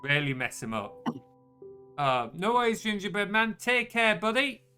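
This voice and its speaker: A man's voice: sits high, very animated, normal speed, pushed and bright, faint music behind. A man hosting a live game stream, chatting casually, laughing often and greeting viewers. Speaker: streamer host.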